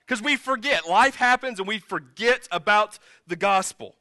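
A bright, high-pitched male pastor delivering a sermon in a conversational, storytelling way. He jumps into emphatic bursts, and his voice sits close and dry on the mic. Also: normal speed, dry recording. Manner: conversational, animated storytelling with sudden emphatic rises.

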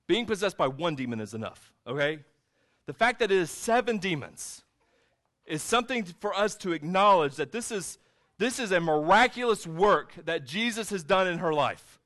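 A pastor delivers a sermon with a notably high-pitched voice. He is a man retelling the scene in loose, conversational storytelling, speaking to a church congregation. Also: lively intonation, moderate pace, a bit bright. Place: church sanctuary with a screen.

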